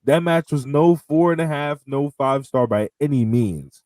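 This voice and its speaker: A man's voice: fairly high pitch, unhurried, darkish tone, dry recording, clean studio sound. A man co-hosting a wrestling podcast, teasing his co-host with slangy interjections. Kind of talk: casual banter.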